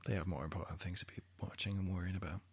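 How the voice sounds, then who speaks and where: A man's voice: low voice, steady tone, rapid-fire, breathy edge, dry recording. A British man co-hosting a podcast in casual, jokey chat with a lot of swearing and laughter. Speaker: podcast co-host.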